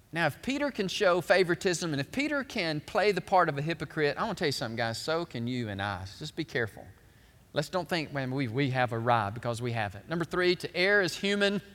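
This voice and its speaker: High bright preaching man in a reverberant hall. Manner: dynamic preaching, swelling loud then dropping quiet. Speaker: pastor. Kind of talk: sermon.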